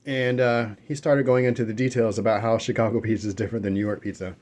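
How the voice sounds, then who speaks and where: A mukbang vlogger eats on camera at home with dogs nearby, chatting casually and rambling through stories with fillers and self-corrections. His voice is on the low side, a little mellow, with flat delivery and fast talking.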